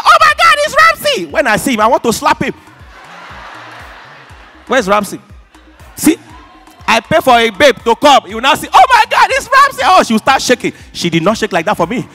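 Nigerian stand-up comic, high bright voice, animated shouting delivery, faint music behind. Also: male voice, a little fast, pauses often. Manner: animated, shouting punchlines, mimicking squealing fans. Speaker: stand-up comedian. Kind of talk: stand-up comedy. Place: awards show stage.

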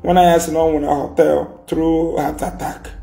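A man's voice: a little high, little pitch movement, normal speed, creaky, mellow. A Nigerian man with an Igbo accent, ranting and scolding in a heated social media monologue, mixing Igbo and English and repeating his points. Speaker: commentator.

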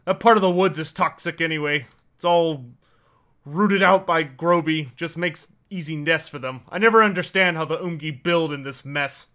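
A man voicing a blunt, pipe-smoking male dwarf foreman in a tabletop game, talking in a gruff, curt, folksy way. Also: a little high, moderate pace, pushed and bright.

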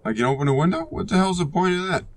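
A man's voice: high voice, expressive, racing. Sarcastic man cursing through a horror game. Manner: profane, sarcastic, talks back to the game. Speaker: gameplay streamer. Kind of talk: casual horror game commentary.

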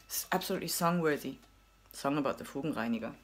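A woman's voice: extremely low pitch, lively intonation, quick pace, a little hiss or hum. Giggly German-accented woman vlogging. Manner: rambling, giggly, self-mocking, with whispered asides. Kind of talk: casual vlog chat.

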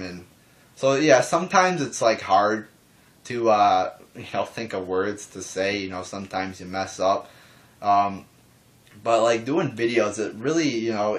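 A young man talking calmly to his camera in a casual response vlog, rambling with lots of restarts and fillers and casual swearing. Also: on the low side. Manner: calm, even talking voice. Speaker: wrestling YouTuber.

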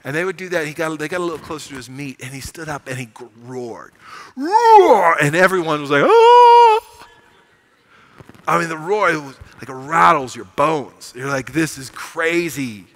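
Man, sermon, high voice, bright tone, emphatic and animated. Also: quick pace, hardly any pauses, rough recording. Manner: animated storytelling, rising to emphatic proclamation. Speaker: pastor. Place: church sanctuary.

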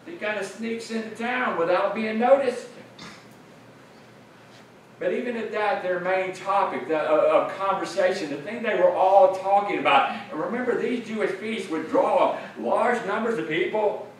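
A man's voice: high voice, moderate pace. A man preaching a sermon, explaining a passage earnestly and repeating phrases for emphasis. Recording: very echoey room, mic at a distance, faint noise.

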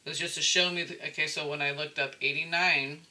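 Man, tarot reader, casual chat, rambling, keeps checking in, slightly high voice. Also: steady tone, fast talker, sharp tone, poor audio. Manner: rambling, checks in with "okay?" often.

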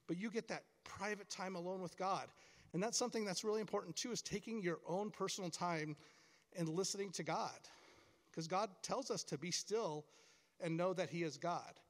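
A man's voice: sits high, normal speed. A middle-aged man giving a chapel talk to schoolchildren, encouraging and full of stories. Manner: storytelling, encouraging, acts out quoted lines. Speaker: camp staff speaker at school chapel. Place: large hall, chapel. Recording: long hall reverb.

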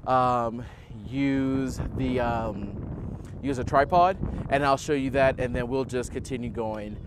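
Young male DIY host, mid pitch, casual and unhurried, recorded outdoors on a roof. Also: noisy background. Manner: relaxed, filler-heavy explaining. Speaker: host of a setup tutorial. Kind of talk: casual how-to demonstration.

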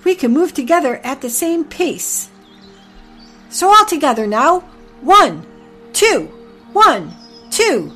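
A woman's voice: sits high, sing-song, a little slow, a bit bright, soft background music, pitched above the performer's own voice, exaggerated voice. A woman voicing a cheerful, take-charge young female rat in a storybook reading. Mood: rallying. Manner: upbeat, commanding, counting aloud.

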